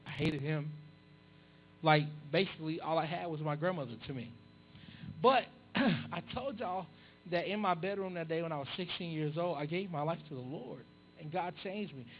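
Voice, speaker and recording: A man's voice: on the high side, muffled recording, a little hiss or hum. A man preaching a storytelling sermon, talking casually and with humor to his congregation in a church. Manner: conversational, humorous, addressing the congregation. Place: church sanctuary. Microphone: handheld or stand microphone.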